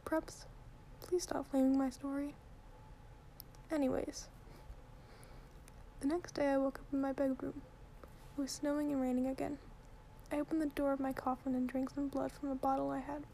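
A woman reading a story in a soft, deadpan whisper, in a whispered ASMR reading style. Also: high-pitched, creaky, a little hiss or hum.

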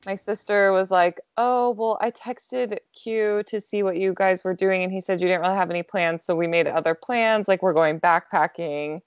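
A woman's voice: medium pitch, steady tone, moderate pace, hardly any pauses, clean tone, no echo, muffled recording. A young woman telling a personal story in a casual chat, chatty and full of filler words, laughing often.

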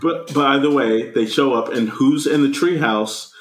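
A man's voice: mid-range voice, normal speed, echoey room, slight background noise, low-quality recording. A man co-hosting a podcast, recapping a movie scene by scene, swearing freely and acting out the characters' lines. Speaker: podcast co-host. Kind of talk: casual movie recap chat.

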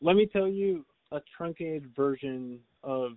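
A man chats on a podcast, winding through a story with constant restarts and chuckles. His voice sits a little high, and it comes through tinny and phone-like. The sound is dry, with no room around it. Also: a little slow, no echo. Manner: rambling storyteller, lots of likes and restarts, laughs often. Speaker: podcast co-host. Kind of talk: casual chat.

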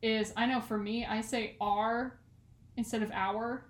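A young woman from California talks in a loose, rambling way, padding her sentences with fillers and breaking into laughs. Her voice sits a little high. The room around her gives off a noticeable echo. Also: little pitch movement, brisk. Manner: chatty and rambling, many "like" fillers, laughs often. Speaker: podcast co-host. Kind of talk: casual chat.

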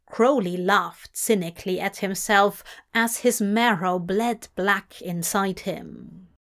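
A woman reading a fanfic audiobook as measured scripted narration. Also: medium pitch, fairly bright tone. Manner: slow, measured storytelling.

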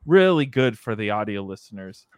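A man's voice: fairly low pitch, very animated, moderate pace, clean tone, no echo. A man hosting a casual gaming podcast, playful and hammy, laughing often as he talks over a video call. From Southern California. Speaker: podcast co-host.

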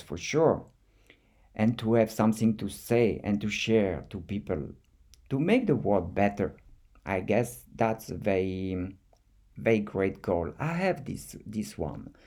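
A man with a French accent, an artist talking his thoughts through in a reflective monologue, halting and repeating words as he searches for them. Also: fairly low pitch, mellow. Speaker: artist vlogger.

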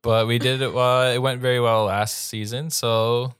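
A man's voice: medium pitch, level tone, normal speed, fairly bright tone, clear, resonant tone, dry recording. A man chats casually as podcast co-host, poking fun at himself. His voice sits in the middle of the range and is recorded close and dry, with no room around it. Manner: self-deprecating, joking. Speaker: co-host and producer.

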